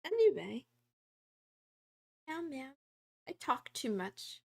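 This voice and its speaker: Soft high-voiced woman streamer, giggly. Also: sing-song, slow, gravelly. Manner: giggly, soft, drifts into quiet meowing. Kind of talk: casual livestream chat, reading chat and study notes aloud.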